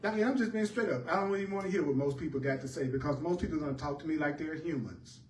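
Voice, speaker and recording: Male spiritual teacher, fairly high voice, repetitive emphatic delivery, echoey room, recorded off-mic. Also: racing, a little hiss or hum. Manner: repetitive, emphatic, preacher-like cadence. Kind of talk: spiritual teaching talk to a class. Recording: echoey room heard from a distance.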